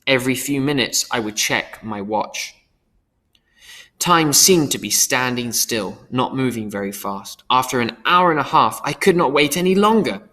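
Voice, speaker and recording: An earnest man narrates an audiobook in the first person. His pitch is animated and expressive. A long hall reverb hangs after each phrase. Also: normal speed. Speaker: audiobook reader.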